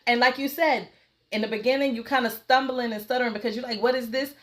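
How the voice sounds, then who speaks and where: A woman hosting a podcast in casual conversation, relaxed, laughing easily and quoting her own thoughts. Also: fairly high pitch, quick pace. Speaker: podcast host.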